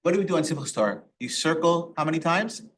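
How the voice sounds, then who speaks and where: High-voiced rabbi teaching a Torah class. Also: male voice, expressive, quick pace, a bit bright. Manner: asks the class rhetorical questions and quotes Hebrew verses. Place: synagogue classroom.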